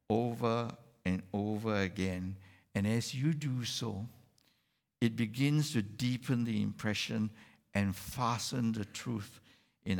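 A man delivers a sermon at an unhurried pace and asks the congregation questions as he goes. His voice has a gravelly edge. The sound carries a long hall reverb. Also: on the low side. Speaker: preacher.

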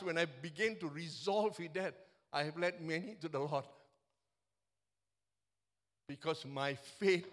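High-voiced passionate Singaporean preacher in his seventies. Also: fairly bright tone. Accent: Singaporean English. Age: 70s. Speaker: pastor. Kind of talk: sermon.

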